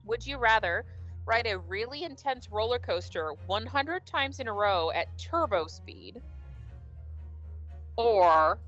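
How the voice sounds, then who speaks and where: A woman's voice: a little high, expressive, slow, fairly bright tone, lo-fi sound, soft background music. A woman hosting a casual livestream chat, rambling with restarts and laughing easily as she reads out questions. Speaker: stream host reading would-you-rather cards.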